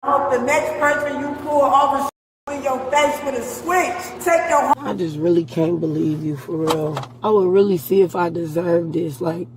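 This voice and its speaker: A detained woman driver, furious and cursing, threatens police officers in a heated confrontation at a police stop and in a hospital room. Her voice is fairly low and a little mellow. The recording has a long, echoey reverb and faint noise.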